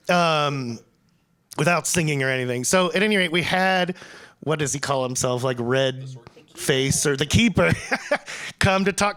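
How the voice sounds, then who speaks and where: A man on a relaxed panel recounting a night out. His voice sits on the high side, and he wanders, restarting his sentences often. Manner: rambling, lots of restarts and fillers. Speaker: panel guest. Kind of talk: casual panel storytelling.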